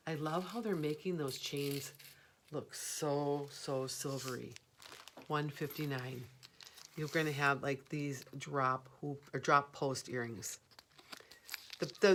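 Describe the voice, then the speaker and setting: A middle-aged woman with a low-pitched voice hosts a live jewelry sale, with a little hiss or hum in the audio. Showing each piece, she chats, rambles, and laughs easily in live shopping stream style.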